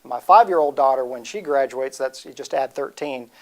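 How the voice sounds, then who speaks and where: A man's voice: medium pitch, normal speed. A man in his forties giving a humorous motivational talk, rambling and joking and breaking off mid-sentence. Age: 40s.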